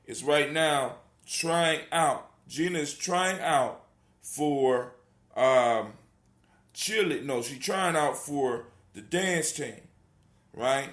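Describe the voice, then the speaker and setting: Rambling motivational man hosting a home call-in show, bright voice, roomy echo. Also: mid-range voice, expressive, very slow. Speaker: host. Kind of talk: casual call-in show monologue.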